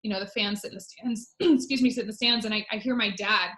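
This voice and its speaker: A woman's voice: mid-range voice, fairly even intonation, fast talker, fairly bright tone, reverberant. A woman in her thirties, a former Olympic swimmer, telling a personal story on a webinar in a chatty way with many fillers. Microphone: video call.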